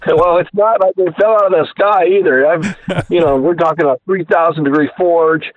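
A man telling his inventor story as a radio guest, animated and acting out the people he quotes, heard over a tinny phone line. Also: fairly high pitch, moderate pace. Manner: animated storyteller who acts out quoted voices. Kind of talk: casual storytelling interview.

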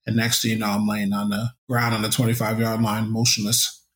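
A man's voice: on the low side, flat delivery, fairly quick, a bit bright. A young man, a former college football player, telling his story in an interview in an upbeat, reflective way.

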